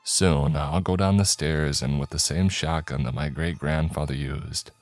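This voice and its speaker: A man narrating a horror story in a slow, measured storytelling voice. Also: very deep voice, fairly even intonation. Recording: dry close mic, faint background music.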